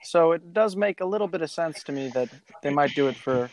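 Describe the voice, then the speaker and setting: A man's voice: a little high, lively intonation, fairly quick, slight background noise. A man playing a boastful, rambling British explorer captain in a put-on British accent for an improvised comedy podcast. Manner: rambling, boastful, full of fillers.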